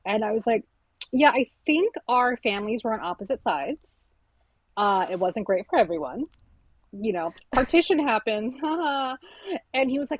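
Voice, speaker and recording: A woman's voice: mid-range voice, normal speed, breathy edge, no echo, low-quality recording. A woman author talking candidly in an interview, telling stories and acting out quoted remarks. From South Asian family. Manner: candid, animated storytelling with quoted asides. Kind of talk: conversational interview.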